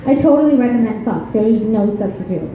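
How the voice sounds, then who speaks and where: Brash, chatty stand-up comic, woman, thirties, slightly high voice, echoey club sound. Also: expressive, highs cut off, background noise. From New York. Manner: brash, chatty, quick asides with laughs. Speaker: stand-up comedian. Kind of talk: stand-up comedy set. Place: comedy club.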